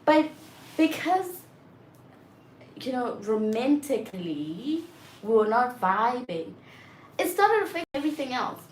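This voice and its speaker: A young woman chatting candidly and frankly, often getting loud and exasperated as she makes her point. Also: sits high, very animated, a little slow, pauses often. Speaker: vlogger. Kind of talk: candid casual chat. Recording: roomy echo with faint background noise.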